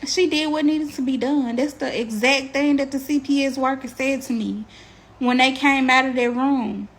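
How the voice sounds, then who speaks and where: High-voiced woman telling a painful story. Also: fairly even intonation. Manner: halting, repeats herself, close to tears. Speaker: mother telling her story. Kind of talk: emotional storytime.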